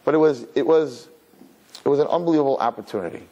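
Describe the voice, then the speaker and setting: A man, a rabbi giving a storytelling sermon, who swings from soft, hushed asides to high, loud bursts when he acts out his own thoughts. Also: quick pace. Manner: conversational, repeats words, uses Yiddish and Hebrew terms. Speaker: rabbi giving a weekly Torah talk.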